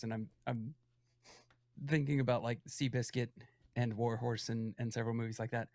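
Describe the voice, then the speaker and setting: A man's voice: mid-range voice, fairly even intonation, a little fast, a little mellow, no echo, studio quality. A man guesting on a podcast, chatting casually and earnestly about a film.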